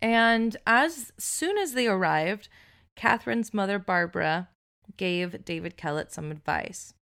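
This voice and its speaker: A woman's voice: mid-range voice, animated, measured pace, gravelly, a bit bright. A woman co-hosting a podcast, telling a true crime story in a chatty, casual way, swearing freely and saying "like" often. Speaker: podcast co-host.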